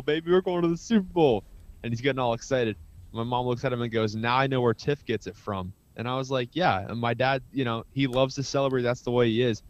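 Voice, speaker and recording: A man co-hosting a podcast, telling stories in casual sports chat with enthusiastic rambling energy. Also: medium pitch. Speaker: podcast co-host. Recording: dull lo-fi sound.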